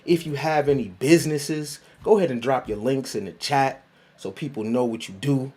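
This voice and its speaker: A man hosting a casual livestream, shouting out viewers by city in loose, playful slang and repeating words for emphasis. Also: medium pitch, moderate pace. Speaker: livestream host and life coach.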